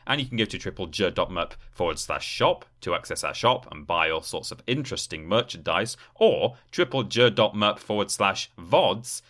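Man, very deep voice, bright forceful tone, podcast co-host, easygoing. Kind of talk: casual podcast outro.

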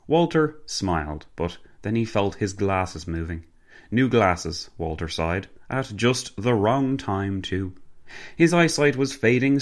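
A man narrating a historical story in measured storytelling tones. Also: fairly low pitch. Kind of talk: scripted narration.

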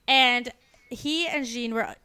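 Bright, crisp-voiced woman telling a story. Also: fairly high pitch, slow. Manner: lively, laughs often while telling a history story. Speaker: podcast co-host. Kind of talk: casual chat, storytelling.

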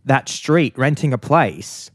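A man's voice: mid-range voice, expressive, slow, husky, no room sound, studio quality. A man with an Australian accent, chatting casually and telling a story with enthusiasm as a podcast co-host. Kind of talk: casual chat, telling an anecdote.

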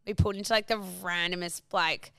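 A woman's voice: lowish voice, fairly even intonation, fast, pushed and bright, smooth, dry recording, clean studio sound. A woman telling a rambling travel story in casual chat, full of fillers.

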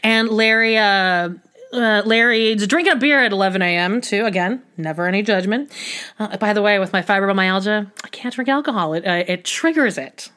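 A woman talks into a podcast mic in a loose, chatty recap style. Her voice sits at an ordinary middle pitch, and she rambles through filler words and restarts, tossing in wry asides as she goes. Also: normal speed, sharp tone, smooth. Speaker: podcast host recapping a reality show. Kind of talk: casual chatty solo recap.

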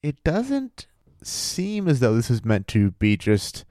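A man co-hosts a relaxed podcast, reading out a spooky account and breaking off to joke and swear. His voice sits at an ordinary middle pitch. The recording is close and dry with no room sound. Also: slow, dry recording. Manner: laid-back, profane, laughs often. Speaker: podcast co-host reading a paranormal story. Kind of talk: casual chat with read-aloud passages.

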